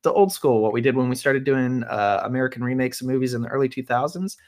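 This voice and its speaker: A man's voice: medium pitch, fast, darkish tone. A man co-hosting a podcast, talking through a film review thoughtfully, with many fillers and restarts. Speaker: podcast co-host. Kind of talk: casual film review chat.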